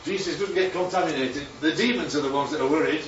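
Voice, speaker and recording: A male preacher delivers a lively sermon in a slightly raised, somewhat high voice at a fast pace, often prompting the room and sprinkling in "Right?" and "Yeah?". The recording is distant, dull and echoey, with faint ambience and slight background noise.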